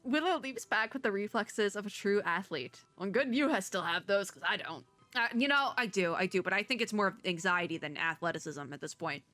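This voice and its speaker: A woman's voice: medium pitch, animated, a little fast, bright, forceful tone, no room sound, soft background music. A woman hosting a let's play, reading game text aloud and reacting with emotional, tearful, laughing, rambling commentary. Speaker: VTuber let's play host.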